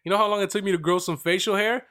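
A man's voice: high voice, fairly even intonation, racing, pushed and bright. A man in his late twenties hosting a podcast, chatting casually with jokey, boastful banter. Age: late 20s. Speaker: podcast host. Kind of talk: casual chat.

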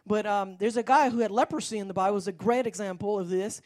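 A woman's voice: medium pitch, fast, a little mellow. A woman preaching a sermon, telling a story in a rambling way with frequent restarts.

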